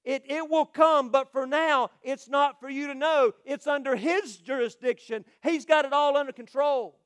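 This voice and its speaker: A male pastor preaching a sermon, swinging between loud proclamations and quiet, quick asides. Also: very high-pitched.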